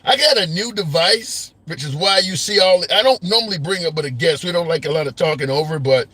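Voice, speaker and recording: Man, talk host, high bright voice, dry close sound, opinionated, restarts sentences. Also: fairly quick, breathy edge, dry recording. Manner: conversational, opinionated, thinks aloud with restarts. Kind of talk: live call-in talk stream. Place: car. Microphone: phone.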